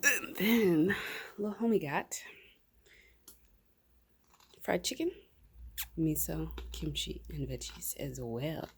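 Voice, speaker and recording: Lower-voiced woman with dry humor. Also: animated, slow pace, pauses often, a little hiss or hum. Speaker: vlogger and mother. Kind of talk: casual vlog narration. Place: indoor quarantine apartment.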